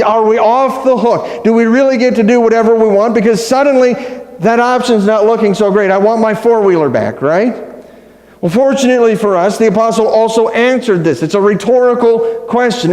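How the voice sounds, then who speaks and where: High-voiced pastor preaching in an echoey hall. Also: male voice, brisk, darkish tone. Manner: conversational, asks the congregation questions; playful, self-deprecating humor. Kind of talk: sermon. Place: church sanctuary. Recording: roomy hall with long reverb.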